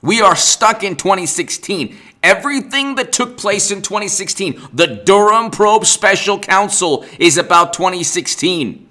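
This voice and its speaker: A man's voice: high-pitched, animated, measured pace, pushed and bright. A man hosting a political livestream, ranting with sarcasm and exasperation and greeting viewers in the chat by name. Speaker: political commentary host.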